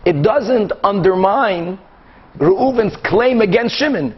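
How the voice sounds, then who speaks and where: High-voiced animated rabbi teaching Talmud. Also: male voice, slightly rough, dull audio. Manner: animated, acts out both sides of cases with quick back-and-forth. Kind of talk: Talmud class lecture.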